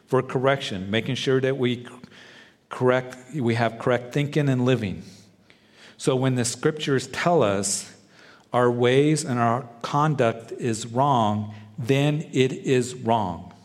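A man preaching a sermon, earnest and emphatic, who leans on repeated phrases and slows down to stress a point. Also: medium pitch, darkish tone. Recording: long reverb of a large hall.

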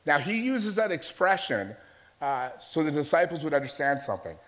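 A man's voice: on the high side, sing-song, moderate pace, a bit bright. A man preaching a sermon as a pastor, in a conversational storytelling manner that keeps checking in with his listeners.

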